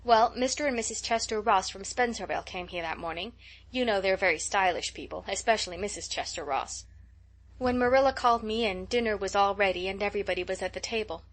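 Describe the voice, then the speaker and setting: Audiobook: woman reading a dramatic, gushing girl, mid-pitched voice. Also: fast talker, lightly acted. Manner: gushing, breathless storytelling. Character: chatty imaginative young girl, dramatic and excitable.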